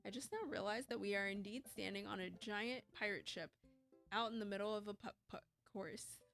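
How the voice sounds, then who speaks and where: A woman's voice: mid-range voice, moderate pace, creaky, a bit bright, soft background music. A woman streamer reading a dating game aloud with playful, wry asides.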